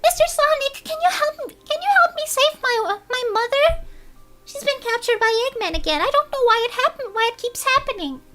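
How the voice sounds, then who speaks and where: A tiny, polite rabbit girl asking for help in a sweet, timid, very high voice, as a man puts her on. It sounds like a gentle cartoon game child. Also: animated, brisk, soft background music, exaggerated voice. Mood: pleading.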